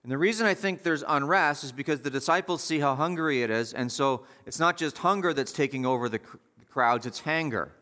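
Man, preacher, sermon, bright tone, slightly high pitch, emphatic, conversational. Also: a little fast. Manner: conversational, emphatic, rhetorical questions.

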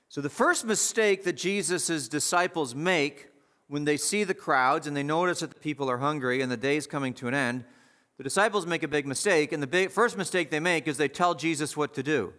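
Bright-voiced man preaching a sermon. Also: fairly high pitch, normal speed. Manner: conversational, emphatic, rhetorical questions.

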